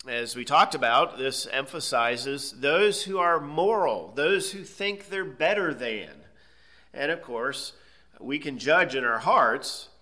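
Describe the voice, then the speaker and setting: Man, pastor, expository sermon, bright clear tone, reads verses then explains. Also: mid-range voice. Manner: reads scripture aloud, then explains it plainly.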